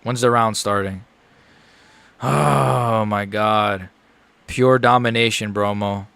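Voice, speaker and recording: A young man streaming a live fight reaction, excitable, swearing and repeating himself as he swings from groaning despair to shouting. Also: lowish voice, takes it slowly, creaky, clean tone, no room sound.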